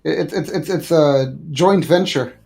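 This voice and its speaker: A man's voice: a little high, unhurried, creaky, mellow, faint music behind. A man joking in casual chat while playing a game, often stumbling over his words.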